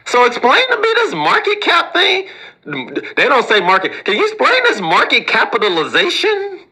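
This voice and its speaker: A man's voice: very high-pitched, huge pitch swings, normal speed, bright, forceful tone, breathy edge, pitched above the performer's own voice, exaggerated voice, low-quality recording. A man mimicking a smug male business school graduate who pretends to understand what he is asking about, in a mock-polite, falsely confident tone. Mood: mock-earnest. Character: smug male business grad faking knowledge.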